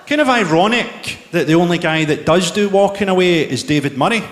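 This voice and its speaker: A Scottish man in his forties doing a live stand-up set, firing off profane, dark deadpan one-liners. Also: high-pitched, brisk, heavy background noise. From Scotland. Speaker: stand-up comedian. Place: large theatre stage. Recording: echoey live theatre hall with loud crowd laughter.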